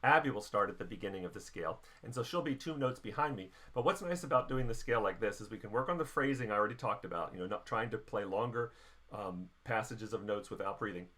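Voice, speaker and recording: Bright-voiced patient male band teacher. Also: fairly low pitch, expressive, fast talker. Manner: patient step-by-step explaining. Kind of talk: instructional lesson.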